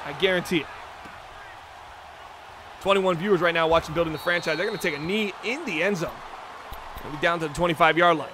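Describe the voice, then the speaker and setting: Excitable male stream host calling play-by-play; high, bright, forceful voice, talks to the chat. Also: slight background noise. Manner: excitable, chatty, talks straight to the chat viewers. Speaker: livestream host and commentator. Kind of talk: play-by-play commentary on a football video game stream.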